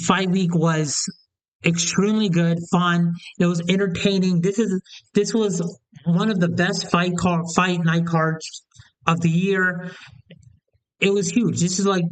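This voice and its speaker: Young male commentator, slightly high smooth voice, opinionated rambling rant. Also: low-quality recording. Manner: opinionated, heated, rambling with restarts. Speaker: MMA commentator. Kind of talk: casual opinion rant to camera.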